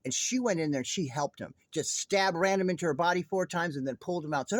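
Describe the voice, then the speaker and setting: High-voiced man ranting heatedly. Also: quick pace, few pauses, no room sound. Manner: agitated, profane, rambling, addresses viewers directly. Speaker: online commentator. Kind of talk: heated true-crime monologue.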